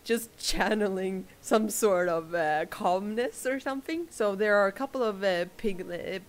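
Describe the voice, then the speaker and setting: A woman serves as game master for a tabletop game, speaking haltingly with lots of fillers and frequent laughter. Her voice is medium in pitch.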